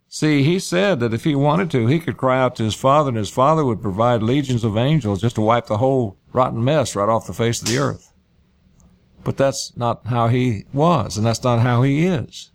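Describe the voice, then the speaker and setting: A man's voice: mid-range voice, lively intonation, normal speed, creaky. A man preaching a sermon, reading scripture aloud and retelling it in everyday words. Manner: reads scripture aloud and paraphrases it in plain speech.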